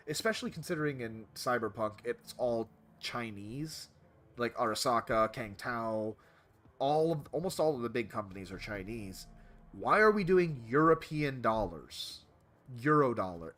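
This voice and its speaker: A man casually commenting while streaming a video game, rambling and cutting himself off often. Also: medium pitch. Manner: rambling, self-interrupting, animated.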